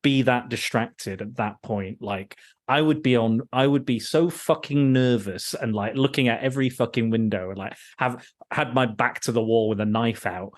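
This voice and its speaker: A male podcast host in loose, casual film talk, ranting with plenty of swearing. He trips over his words and restarts often. His voice sits at an ordinary middle pitch. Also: moderate pace, hardly any pauses. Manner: ranting, profane, with frequent restarts.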